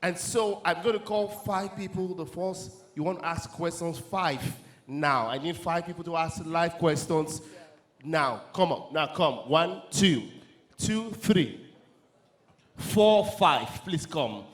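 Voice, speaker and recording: A man hosting an event, briskly calling audience members up to ask questions in a large hall. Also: fairly high pitch. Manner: urging the audience briskly from a distance. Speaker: event host.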